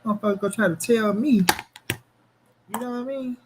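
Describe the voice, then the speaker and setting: A man hosting a casual boxing livestream, speaking in an animated, slangy way as he answers his chat. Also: high-pitched, fairly quick, slight background noise. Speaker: boxing commentary channel host.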